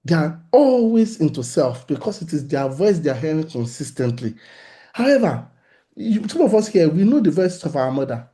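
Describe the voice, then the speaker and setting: Man, middle-aged pastor, sermon, raised voice, very dark mellow tone. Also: fairly high pitch, normal speed. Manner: animated preacher acting out little dialogues. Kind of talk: sermon-style teaching on relationships.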